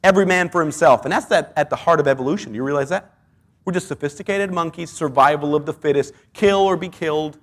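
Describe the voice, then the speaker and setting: Earnest, high-voiced male preacher. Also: quick pace. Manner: earnest, full of rhetorical questions. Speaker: pastor. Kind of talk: sermon.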